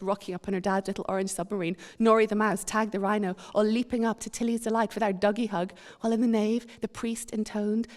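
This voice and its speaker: A woman giving a measured, introspective literary reading at a seminar. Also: medium pitch, a little mellow. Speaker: author reading.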